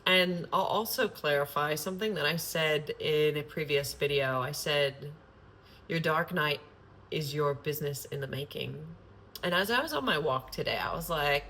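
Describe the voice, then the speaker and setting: A woman's voice: low-pitched, a little slow, fairly bright tone. A woman talking to camera in a loose, rambling monologue, earnest and sprinkled with swearing. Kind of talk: casual spontaneous monologue.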